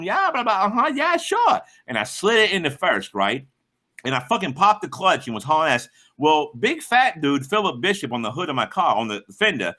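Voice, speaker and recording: A man's voice: medium pitch, bright, forceful tone. A middle-aged man hosting a livestream, telling rambling, profane stories to his chat and acting out the voices of the people in them. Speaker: livestream host. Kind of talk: casual storytelling to a live chat.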